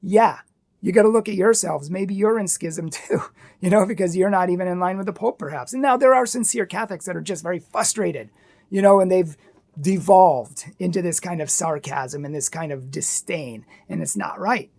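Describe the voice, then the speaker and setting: A woman's voice: lowish voice, normal speed, darkish tone. A woman giving earnest, emphatic opinion commentary, full of rhetorical questions.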